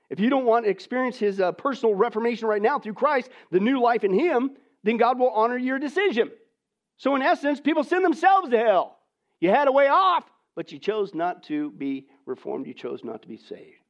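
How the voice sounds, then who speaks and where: Dramatic high-voiced preacher, lo-fi. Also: male voice. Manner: dramatic, swinging from hushed near-whispers to loud emphatic preaching; addresses the audience as "folks", rhetorical questions. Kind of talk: sermon. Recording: dull lo-fi recording.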